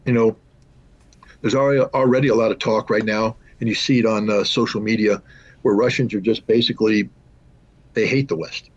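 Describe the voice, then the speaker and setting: A man's voice: lowish voice, steady tone, a little fast, muffled recording. A man giving his views as an interview guest, emphatic and lecturing, in blunt terms. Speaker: guest commentator. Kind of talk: opinionated interview talk.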